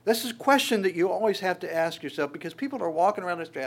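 A male preacher delivers a sermon in a conversational, unpolished way. His voice sits a touch high for a man, and he often stumbles and restarts mid-sentence while quoting scripture. He shifts into small acted voices when he retells a story. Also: lively intonation, racing, gravelly. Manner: conversational, quotes scripture and acts out voices in passing; frequent restarts and stammers.

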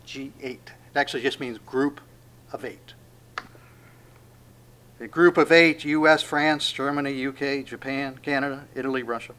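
A man preaching a sermon, swinging between loud proclamations and hushed asides and acting out the speech he quotes. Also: medium pitch, steady tone, normal speed, long pauses, clear, resonant tone.

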